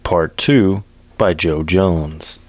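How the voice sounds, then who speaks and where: A man reading a western story aloud in a steady, plain narration. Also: low-pitched, very slow.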